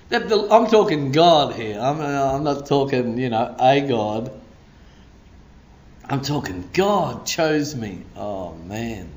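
A man, a pastor preaching a sermon in church, animated, laughing often as he acts out little scenes. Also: medium pitch, slow.

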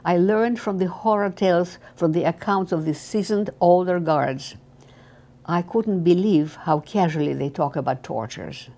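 A woman's voice: fairly low pitch, unhurried. An elderly woman reading as an earnest young guard. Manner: soft, pleading, apologetic. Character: earnest young male guard, anxious, gentle.

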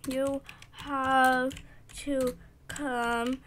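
A young woman giving excitable, rambling casual commentary while playing a game. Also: sits high, very slow, slight background noise. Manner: chatty, excitable, rambling with fillers. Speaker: gaming vlogger.

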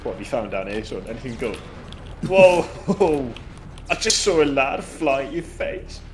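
A man's voice: mid-range voice, big pitch swings, slight background noise. A young man co-hosting a game playthrough, laughing often and drawing out his exclamations. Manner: laughs a lot, drawn-out exclamations. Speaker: gaming video co-host. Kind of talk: casual gameplay banter.

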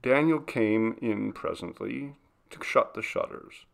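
A man reading a classic ghost story aloud in a steady, measured style of scripted narration. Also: fairly low pitch, vocal fry, clear, resonant tone. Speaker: audiobook reader.

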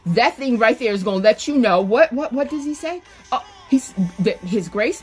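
A woman's voice: a little high, expressive, moderate pace, hardly any pauses, faint music behind. A woman preaching an online sermon, emphatic and repetitive, calling on listeners by name.

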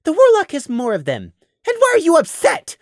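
A man voicing Prey, a stubborn, defensive young trap-maker who shouts accusations in an audio drama. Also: very high-pitched, wildly swooping pitch, a little fast, no room sound, clean studio sound, voice pushed up, exaggerated voice.

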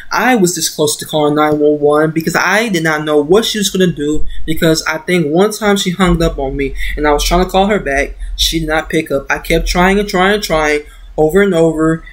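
A young woman telling a personal story in a casual story-time vlog, rambling with many fillers and growing heated, into a computer microphone. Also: deep voice. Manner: rambling, full of "you know" fillers, grows heated and emotional. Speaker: vlogger.

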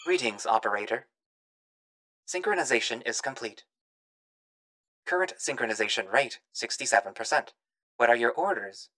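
A man voicing a calm, formal robotic AI assistant with flat, polite machine phrasing. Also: medium pitch, normal speed, long pauses.

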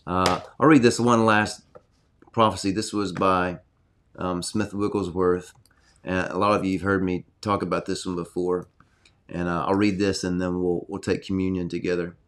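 Low-voiced preacher, conversational and earnest. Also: male voice, level tone, moderate pace. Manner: earnest, conversational, bursts of loud emphasis. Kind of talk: informal sermon to an online audience. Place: home study.

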